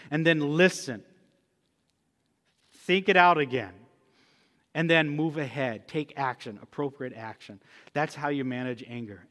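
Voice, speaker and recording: A man's voice: a little high, fairly bright tone. A male pastor preaching a sermon in a conversational, emphatic teaching manner. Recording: long reverb of a church hall.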